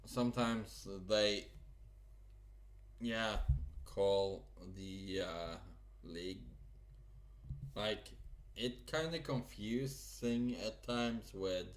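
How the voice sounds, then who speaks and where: Slow, hesitant man talking football. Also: lowish voice. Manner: slow, hesitant, many fillers and pauses. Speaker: football vlogger. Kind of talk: casual unscripted commentary.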